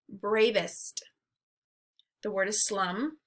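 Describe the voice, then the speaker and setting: A woman teacher leading a phonics drill for young children, modeling each word slowly and clearly for them to repeat. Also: medium pitch, fairly bright tone.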